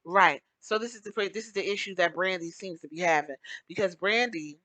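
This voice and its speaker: A woman hosting a podcast, giving blunt, animated commentary and slipping into mock voices to make her points. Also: on the low side, moderate pace, dry recording, rough recording. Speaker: podcast host.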